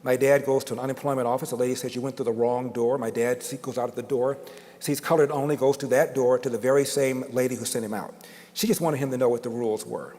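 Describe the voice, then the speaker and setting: A man's voice: medium pitch, steady tone, quick pace, a little mellow. An older man giving a storytelling speech to an audience, dramatic and building emphasis through repetition. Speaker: guest speaker. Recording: long reverb of a large hall.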